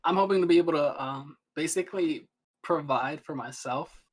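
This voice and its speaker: A man's voice: a little high, moderate pace, slightly rough. Rambling young man, casual podcast guest. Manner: rambling, many restarts and ums. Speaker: guest streamer.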